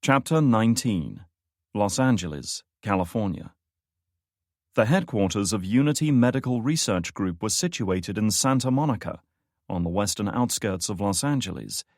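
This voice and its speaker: A man narrates a thriller audiobook in a measured, steady way. His voice sits low. The recording is close and dry. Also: no room sound. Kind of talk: scripted narration.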